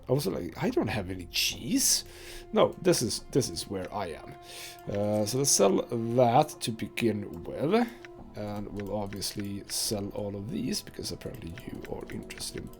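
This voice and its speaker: A man's voice: mid-range voice, sing-song, measured pace, vocal fry, a little mellow, soft background music. A man hosting a let's play, chatting casually and reading game dialogue aloud. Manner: chatty, rambling with fillers.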